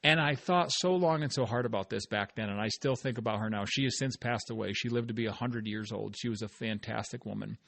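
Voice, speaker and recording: A man's voice: on the low side, brisk, vocal fry, few pauses, a bit bright, no room sound. A middle-aged man hosting a solo motivational podcast, talking in an earnest, encouraging way and repeating phrases for emphasis. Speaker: podcast host.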